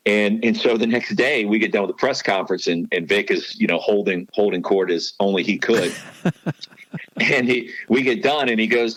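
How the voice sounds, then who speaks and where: A man's voice: lowish voice, normal speed, fairly bright tone, breathy edge, no echo, poor audio. A man, a sports broadcaster and podcast guest, telling stories in casual chat with many restarts and asides.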